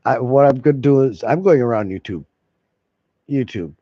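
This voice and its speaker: A man's voice: medium pitch, lively intonation, normal speed, no room sound. A man rambling casually to his viewers, swearing freely and chuckling between thoughts. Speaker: vlogger. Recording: dull lo-fi sound.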